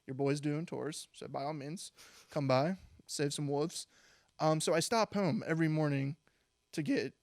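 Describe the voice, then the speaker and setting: A young man with a somewhat high voice co-hosts a casual podcast. He rambles through anecdotes, leaning on "like" and breaking into laughs. The sound is dry and close. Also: unhurried, a little mellow, no room sound. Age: young adult. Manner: rambling storytelling with frequent "like" and laughs. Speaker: podcast co-host. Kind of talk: casual chat.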